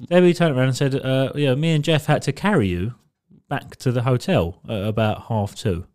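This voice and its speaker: A man's voice: medium pitch, normal speed, darkish tone. A man co-hosting a podcast, telling a rambling, sweary story and laughing through it. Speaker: podcast co-host. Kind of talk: casual storytelling chat.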